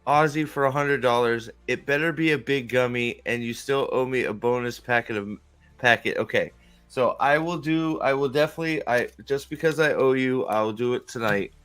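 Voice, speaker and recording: A man's voice: medium pitch, normal speed, a bit bright, clean tone. Profane, rambling male streamer. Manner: profane, rambling, repeats himself. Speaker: streamer host. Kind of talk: casual rant.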